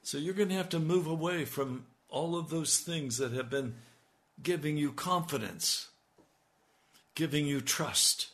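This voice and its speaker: Slow, deliberate male preacher. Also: fairly high pitch. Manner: emphatic, rising to loud urgent appeals. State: hiccups. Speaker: radio preacher. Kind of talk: sermon.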